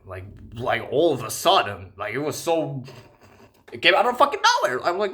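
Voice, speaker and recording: A young man telling a casual, profane storytime rant, animated and incredulous. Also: mid-range voice, normal speed. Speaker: vlogger.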